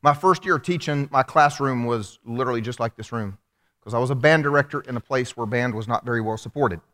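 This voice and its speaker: A man preaching a sermon in a church, animated and humorous, acting out the voices of the people he quotes. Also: medium pitch, brisk. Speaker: pastor. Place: church hall. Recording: long hall reverb.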